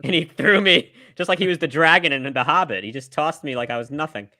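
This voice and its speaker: Host, male, bright sharp tone, dry close sound, teasing banter. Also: on the high side, fast, no room sound. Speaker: show host. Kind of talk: casual comedy chat.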